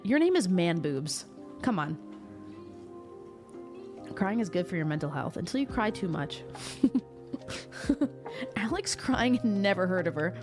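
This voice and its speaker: A woman streamer chatting casually and jokingly with her live chat and reading out their messages into a desktop mic. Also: mid-range voice.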